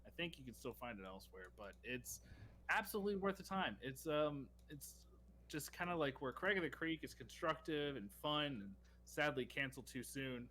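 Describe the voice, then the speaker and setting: Bright-voiced man rambling about cartoons. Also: mid-range voice, expressive, moderate pace. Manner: rambling, enthusiastic, many fillers. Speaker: podcast co-host. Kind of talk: casual chat.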